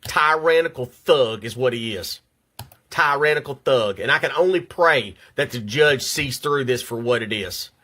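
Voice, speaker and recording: At home, an older man vlogs an angry personal rant to camera, shaky and upset, stumbling over repeated words. His mid-range voice has lively intonation and a sharp tone, at a moderate pace.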